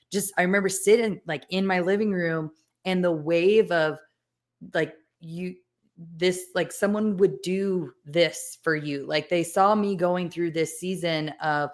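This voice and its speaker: A woman hosting a casual podcast chat, a mother sharing reflective, emotional stories that turn animated in bursts. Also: fairly low pitch, normal speed. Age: adult with children. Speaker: podcast host.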